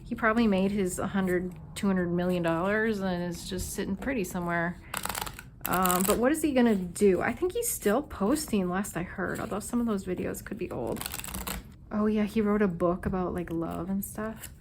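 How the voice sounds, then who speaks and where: A woman's voice: medium pitch, moderate pace, background noise. A woman with a Minnesota accent giving a casual tarot reading, chatting and thinking aloud with lots of fillers. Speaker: tarot reader.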